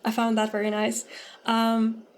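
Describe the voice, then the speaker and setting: A woman's voice: on the high side, monotone, a little slow. A young woman with a light Norwegian lilt, chatting casually as a streamer while gaming, rambling and filling her talk with "um" and "like". Her voice sounds a little strained from a long day of talking. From Norway. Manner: chatty and rambling, hesitant, with many "like" and "um" fillers.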